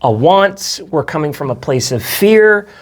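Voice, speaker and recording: A man's voice: on the high side, lively intonation, measured pace. A man, a lead pastor, hosting a casual faith podcast, teasing his co-host and explaining steadily. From United States.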